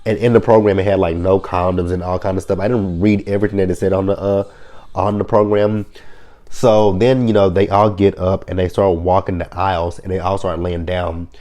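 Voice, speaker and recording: Male show reviewer, deep and warm, loose profane storytelling. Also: brisk. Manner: animated, profane, emotional retelling. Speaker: TV recap reviewer. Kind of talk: casual episode recap.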